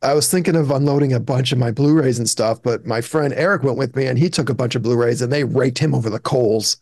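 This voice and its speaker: A man's voice: mid-range voice, quick pace, darkish tone, no echo, studio quality. Rambling man telling a casual story. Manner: rambling storyteller, many restarts. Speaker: regular on a comedy podcast. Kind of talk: casual chat.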